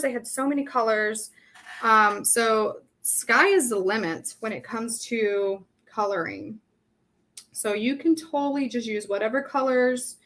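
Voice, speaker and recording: Young woman, craft workshop host; slightly high, unhurried, rambling and chatty, dry throat. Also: a bit bright. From Southern California. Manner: chatty, rambling, thinks aloud with many ums. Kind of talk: casual live painting tutorial.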